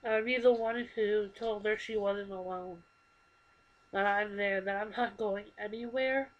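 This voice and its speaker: A woman in her twenties speaking to her camera in a halting, earnest, emotional way, telling a personal story. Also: mid-range voice, fairly even intonation, dull audio. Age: 20s. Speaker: vlogger. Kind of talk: confessional personal talk to camera. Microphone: computer microphone.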